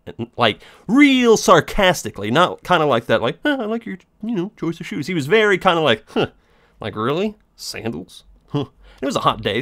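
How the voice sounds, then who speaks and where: Animated, profane young man ranting. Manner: animated, profane, sarcastic, mimics others in high voice. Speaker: vlogger. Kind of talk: casual storytelling rant.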